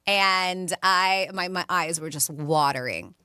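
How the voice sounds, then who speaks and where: A woman co-hosting a radio talk show, telling stories in an animated, chatty way. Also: on the low side, slow, clean tone, no echo, clean studio sound. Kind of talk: casual radio chat.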